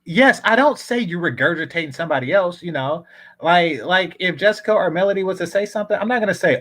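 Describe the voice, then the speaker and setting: Picture a man with a bright, forceful voice pitched a little high, talking through clips as a reaction host. He's sarcastic and exasperated, mocking what he hears in loose, casual commentary. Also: expressive, a little fast.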